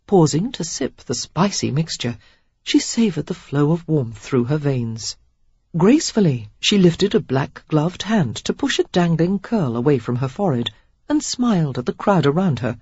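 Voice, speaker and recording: A narrator reads a romance with lively, rising and falling pitch and a husky, breathy tone. The recording is dry and dull-sounding, with a lo-fi edge. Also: no room sound. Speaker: audiobook narrator. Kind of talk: scripted narration.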